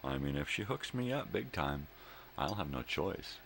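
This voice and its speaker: A man's voice: a bass voice, big pitch swings, moderate pace, creaky, a bit bright, a little hiss or hum. An older man hosting his own daily show, rambling casually at home with laid-back slang, jokes and thinking aloud.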